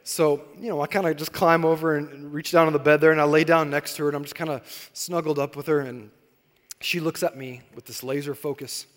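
A man in his thirties preaches in a relaxed, conversational way and turns to his listeners with quick asides. His voice sits a little high for a man. It rings through the long reverb of a large sanctuary. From Arkansas, raised in California. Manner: conversational storytelling with asides to the congregation. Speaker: pastor. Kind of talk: sermon.

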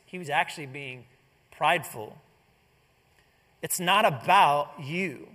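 A man's voice: high-pitched, sharp tone, long reverb tail. A man preaching a sermon, telling a Bible story with earnest rhetorical questions. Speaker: pastor.

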